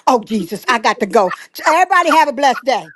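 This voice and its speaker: A woman's voice: a little high, sing-song, no room sound. Friendly woman popping in on a stream, in a rush, dry close mic. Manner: brisk, friendly, in a hurry to leave. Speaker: viewer joining the stream. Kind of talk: casual call-in chat.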